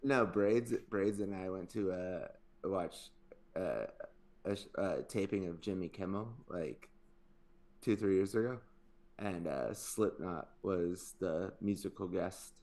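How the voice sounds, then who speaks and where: A man co-hosting a podcast in casual chat, throwing in wry, deadpan jabs. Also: sits low, slow. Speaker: podcast co-host.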